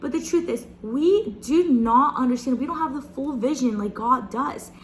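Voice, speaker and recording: Young woman, slightly high voice, casual devotional talk, lively and chatty with viewers. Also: moderate pace, a little hiss or hum, low-quality recording. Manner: chatty, animated, addresses viewers as "guys". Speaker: speaker sharing a Bible reflection.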